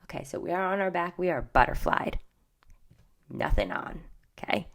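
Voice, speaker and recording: Low-voiced gossipy woman podcast host. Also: animated, moderate pace, gravelly. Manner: chatty, gossipy, drops to asides and whispers. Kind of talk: casual pop culture chat.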